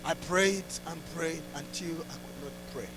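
A man preaching a sermon through a story, dropping to hushed asides and rising to loud exclamations. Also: a little high, a little slow, heavy background noise. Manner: laughs between lines.

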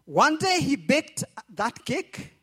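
A man with a very high voice preaches slowly, telling a story within his sermon. Repeated phrases pull the congregation into call-and-response, and his delivery rises and falls with lively energy.

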